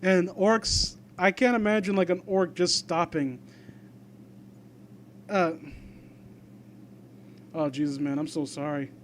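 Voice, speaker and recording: A man's voice: high-pitched, steady tone, slow, long pauses, slight background noise. A young man reading fan fiction aloud and breaking off into rambling, sarcastic commentary. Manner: rambling, sarcastic asides, trails off.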